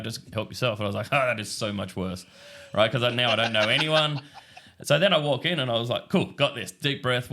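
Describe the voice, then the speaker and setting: Low-voiced Australian man telling stories. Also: a bit bright. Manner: rambling storyteller, acts out his own past lines. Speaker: guest. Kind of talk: casual podcast chat.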